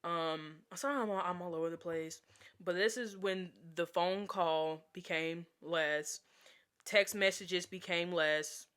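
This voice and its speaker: Young woman, casual vlog storytime, chatty, exasperated, filler-heavy, bright tone. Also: fairly low pitch, a little slow, clear, resonant tone. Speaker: vlogger.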